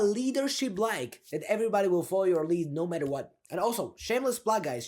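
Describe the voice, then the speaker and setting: An upbeat young man talks like a coach, slangy and quick to laugh. His voice sits fairly high and swings widely in pitch. He often drops into a slower, deeper delivery to show how it sounds. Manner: energetic, laughing, slangy, demonstrates a deep down-turned delivery. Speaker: confidence coach. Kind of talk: casual coaching monologue.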